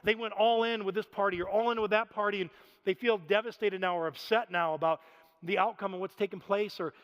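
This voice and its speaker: Guy in his 30s preaching, highish voice, chatty self-mocking stories, big echoey church. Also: steady tone, a little fast, fairly bright tone. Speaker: pastor. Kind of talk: storytelling sermon. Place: church sanctuary. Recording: reverberant church hall.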